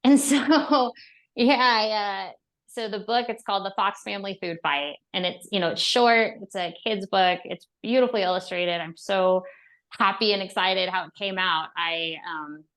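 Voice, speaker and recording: A woman dietitian and author as a podcast guest, chatting casually and telling animated stories with frequent laughs and fillers. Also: medium pitch, moderate pace. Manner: animated storyteller, laughs often, many fillers. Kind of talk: casual interview chat.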